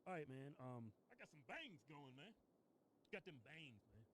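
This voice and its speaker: Man, comedy co-host, crude banter, frequent laughs, slightly high voice, very lively pitch. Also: moderate pace, a little hiss or hum.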